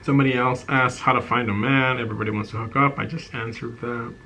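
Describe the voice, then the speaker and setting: A man talks easily while he eats, chatty and candid, letting thoughts trail off between bites. His voice sits at an ordinary middle pitch. Faint street noise drifts in from outside the apartment. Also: steady tone, fast, bright, forceful tone. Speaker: ASMR and vlog creator. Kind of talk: casual chat while eating, mukbang. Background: faint outside noise of passing cars.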